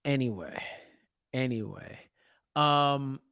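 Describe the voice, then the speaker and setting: A man co-hosting a TV recap podcast in casual chat, joking and animated, often restarting his sentences. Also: sits high, moderate pace. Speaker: podcast co-host.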